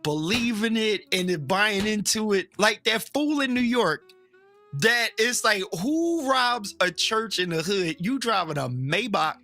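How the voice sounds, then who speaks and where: A man's voice: high voice, lively intonation, sharp tone, soft background music. A man who is a Baptist preacher, talking frankly and animatedly as a guest, joking and acting out other people's voices. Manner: frank and joking, drops into slow emphatic phrasing. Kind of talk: casual opinionated chat.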